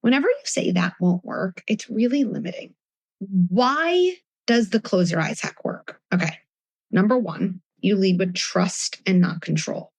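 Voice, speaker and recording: A woman in her forties, a parenting expert speaking to a live audience, animated and acting out little scenes with her children in shifting voices. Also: mid-range voice, unhurried, husky, no echo. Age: 40s. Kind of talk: live talk before an audience.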